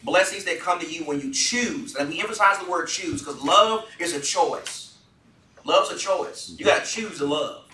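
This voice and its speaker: A man guiding a Bible study asks the group questions in earnest, his voice bright, strong and a bit high for a man, at a moderate pace. It's recorded from a distance in a reverberant room, with slight background noise.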